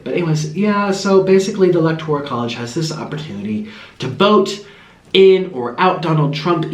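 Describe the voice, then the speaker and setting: A man rambles to his camera in a casual vlog, his voice sitting a bit high and leaping up and down in an animated way. The room around him is echoey. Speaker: vlogger.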